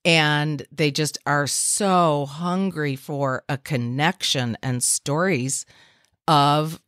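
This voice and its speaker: Slow, low-voiced woman hosting a podcast. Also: a bit bright, no room sound, clean studio sound. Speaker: podcast host. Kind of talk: casual interview chat.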